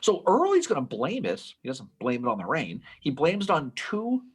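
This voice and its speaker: A man co-hosting a podcast, telling war history in an animated, casual way with swearing and quick asides. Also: on the high side, husky. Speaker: podcast co-host.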